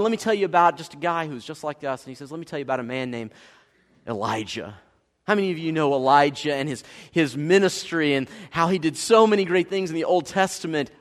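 A man preaching a sermon as pastor, telling a story with lively swings from loud, fast lines to hushed, slow ones. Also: fairly high pitch, in a large hall.

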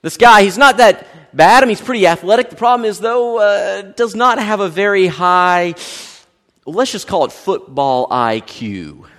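A man preaching a sermon, telling stories animatedly and swinging between loud and hushed. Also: sits high, measured pace, big-room sound. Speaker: pastor. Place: large church sanctuary.

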